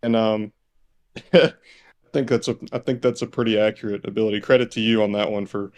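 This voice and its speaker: A man from Mississippi in casual podcast chat, relaxed and chuckling often. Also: on the low side, brisk. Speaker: podcast co-host.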